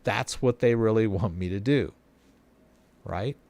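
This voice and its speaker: A man's voice: lowish voice, a little slow, a little mellow. A man hosting a casual walkthrough, chatty and explanatory, often checking in with the listener. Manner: chatty, explains with frequent tag questions. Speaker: host. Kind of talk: casual screen-share walkthrough.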